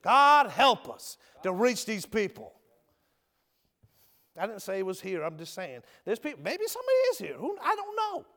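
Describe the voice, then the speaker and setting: A high-pitched man preaches a sermon with his testimony, swinging from ringing shouts down to low near-whispers. He talks in a folksy way, calling listeners "brother" and "my friend." His voice rings out with a long reverb in a church hall. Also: wildly swooping pitch, moderate pace. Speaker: preacher, ex-convict prison minister.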